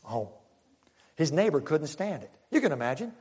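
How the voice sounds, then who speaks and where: An older man preaching a sermon and telling stories, moving from loud, emphatic lines to hushed ones. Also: fairly high pitch, normal speed, husky. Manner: animated, swinging from loud to hushed. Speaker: pastor. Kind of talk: sermon with personal storytelling. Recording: long hall reverb.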